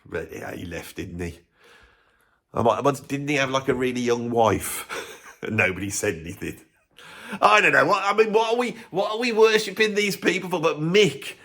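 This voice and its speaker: A man's voice: fairly high pitch, expressive, moderate pace, fairly bright tone. A man hosting a music channel, ranting his blunt opinions in casual talk to camera with chuckling asides.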